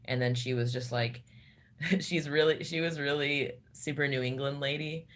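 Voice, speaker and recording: A woman who sings in a metal band, speaking in a casual interview and telling a personal story haltingly, with many restarts. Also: deep voice, steady tone, a bit bright.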